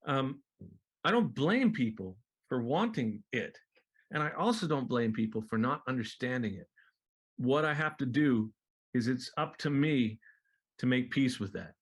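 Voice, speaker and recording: A man talking as a guest in a casual interview, laid-back and profane, acting out other people's lines in a high voice and laughing often. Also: unhurried, breathy edge. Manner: animated storyteller, acts out quotes in high voices. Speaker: guest musician.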